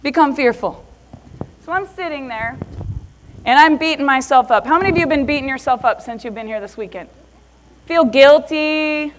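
A middle-aged woman giving a motivational talk to a live audience, telling an animated story and acting out the messages she got. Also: sits high, a little hiss or hum. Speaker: motivational speaker.

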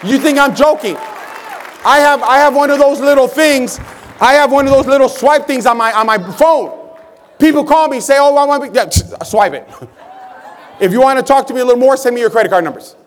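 A man with a very high-pitched voice runs a live motivational seminar in a big convention hall. He shouts energetic instructions and hypes up the audience. A faint crowd can be heard behind him. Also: fairly quick. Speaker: motivational speaker at a sales convention. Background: crowd of hundreds.

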